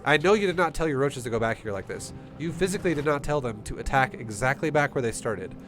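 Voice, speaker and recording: A StarCraft coach with a runny nose reviews a player's game replay in a casual streaming session, blunt, heated, and swearing often. His mid-range, slightly bright voice is lively and fast, with music playing underneath and slight background noise.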